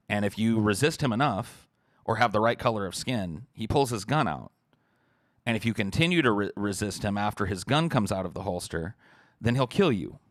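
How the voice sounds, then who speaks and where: Man, low voice, heated profane rant, livestream host answering chat, dry close sound. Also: animated, moderate pace, a bit bright, dry recording. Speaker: podcast host.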